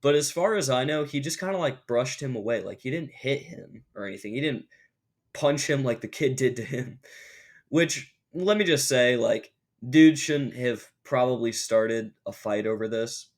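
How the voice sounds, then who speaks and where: A man's voice: medium pitch, moderate pace. A young man vlogging, telling a story in a rambling, casual way with lots of filler words. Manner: rambling, animated, lots of "like" fillers, acts out quotes.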